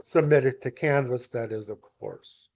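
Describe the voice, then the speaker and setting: A man's voice: mid-range voice, creaky, darkish tone, dull audio. A man as a teacher, patiently walking students through a grammar exercise in a recorded lesson. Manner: patient, explanatory, slow and deliberate.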